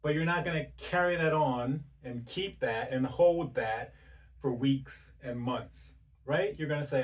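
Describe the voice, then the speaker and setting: A man's voice: medium pitch, far from the mic. Emphatic man firing rhetorical questions. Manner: rapid-fire rhetorical questions, direct and emphatic. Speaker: self-help speaker. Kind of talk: motivational monologue.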